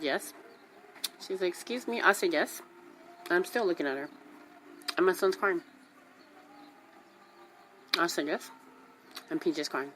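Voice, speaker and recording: A woman with a lowish voice tells a story on her talk show, jumping between quoted voices and repeating lines for emphasis. A faint hiss sits under the recording. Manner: animated, acts out quotes, repeats herself for emphasis. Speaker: radio show host. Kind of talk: casual storytelling.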